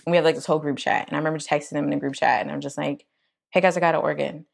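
Lively woman telling a story. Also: very fast, vocal fry. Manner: animated, acts out quotes in a high voice. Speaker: podcast co-host. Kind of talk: casual storytelling chat.

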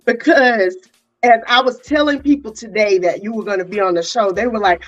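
A woman's voice: mid-range voice, brisk. A woman hosting a casual live-stream interview, exuberant and chatty, greeting viewers by name. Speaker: podcast host. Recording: dull lo-fi audio with faint music.

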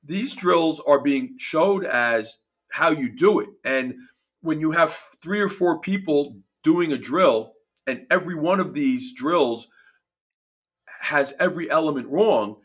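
A man's voice: a little high, husky. A man with a New Jersey accent, a performance coach talking emphatically in a casual podcast chat, often restarting his phrases.

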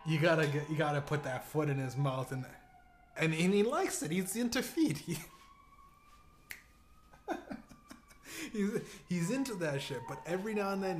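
Animated, laughing man telling stories. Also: a little high, moderate pace, pauses often, a little hiss or hum. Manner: profane, laughing, animated storytelling with acted-out quotes. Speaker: podcast host. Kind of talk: casual storytelling.

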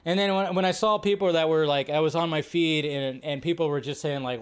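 A man hosting a casual live commentary show. His voice sits a bit high, and he rambles with plenty of fillers, restarts and swearing. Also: steady tone, fairly quick, few pauses, clean tone. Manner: rambling, full of fillers and profanity. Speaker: host.

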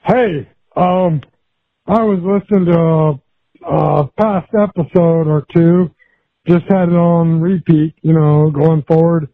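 A man leaves a hesitant, slow voicemail for a call-in show, his voice sitting a little high. It comes through a tinny, narrow phone line. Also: steady tone, no echo. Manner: halting, hesitant. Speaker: caller. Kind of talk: voicemail message.

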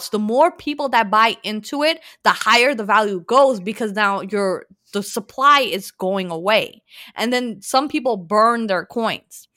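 A woman hosting a casual podcast, animated and talking straight to her listeners about the news. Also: fairly high pitch, no echo, studio quality. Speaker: podcast host presenting news. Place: lives in New York.

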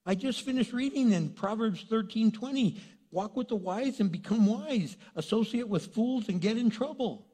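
A man preaching a sermon, animated and joking, acting out the voices of the people he quotes. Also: sits high, normal speed, husky. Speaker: pastor. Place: church hall. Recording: long reverb of a church hall.

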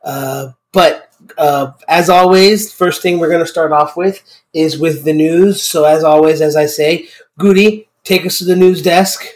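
A man's voice: fairly high pitch, fairly even intonation, a little slow. A man co-hosting a podcast in a loose, joking way, often repeating himself. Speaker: podcast co-host. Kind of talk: casual podcast chat.

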